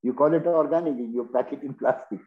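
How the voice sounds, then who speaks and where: A man talks in short, earnest phrases, urging his point. His voice comes through a thin, phone-like line with a middling pitch. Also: fairly quick. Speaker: interview guest. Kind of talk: earnest conversational storytelling. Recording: tinny phone-like call audio.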